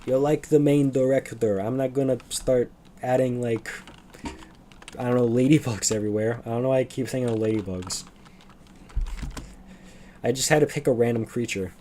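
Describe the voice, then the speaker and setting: A man's voice: medium pitch, steady tone, normal speed, pauses often, mellow, a little hiss or hum. A man streaming live, rambling casually and chuckling as he comments on a game. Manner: rambling, chuckling, self-deprecating.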